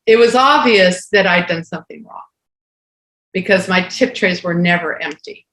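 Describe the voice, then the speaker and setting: A woman's voice: lowish voice, normal speed, slight background noise. A woman in her sixties, co-hosting a casual talk and telling a personal story, acting out the dialogue. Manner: animated storyteller who acts out quoted dialogue. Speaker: co-host. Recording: roomy echo.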